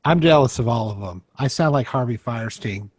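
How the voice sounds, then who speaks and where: A man's voice: mid-range voice, expressive, moderate pace, slightly rough, dry recording. A man joking on a group livestream, poking fun at his own voice. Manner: self-deprecating jokester. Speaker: livestream guest. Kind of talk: casual group livestream chat.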